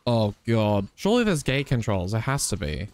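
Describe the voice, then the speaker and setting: Excitable streamer with a lively voice. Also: male voice, lowish voice, normal speed, no room sound. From Australia. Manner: excitable, swears freely, teasing banter with chat. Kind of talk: live gameplay commentary.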